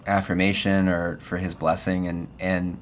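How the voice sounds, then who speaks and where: A middle-aged man with a low voice hosts a relaxed podcast interview. He backs his guest often with short affirmations and muses aloud in a conversational way. A light hiss runs under the recording. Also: moderate pace. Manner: affirming, frequent "yeah", reflective. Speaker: podcast host. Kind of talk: casual interview.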